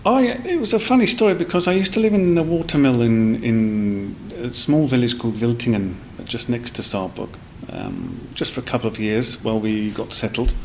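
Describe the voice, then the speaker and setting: Gravelly-voiced man telling stories. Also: mid-range voice, expressive, moderate pace, hardly any pauses, a little hiss or hum, low-quality recording. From South East London. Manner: rambling, with many fillers and restarts. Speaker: guest. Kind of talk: casual storytelling in a podcast interview.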